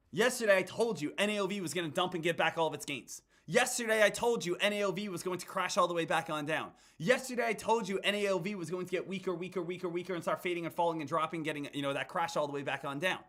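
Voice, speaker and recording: High-voiced, hyped-up market commentator man. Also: fast, fairly bright tone. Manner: repetitive, hype-driven, addresses viewers as guys and team.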